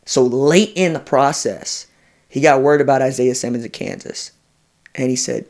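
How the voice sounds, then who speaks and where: A man in a casual sports podcast chat, telling recruiting stories with animated energy and slipping into quoted voices. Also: medium pitch, moderate pace. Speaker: college football recruiting analyst.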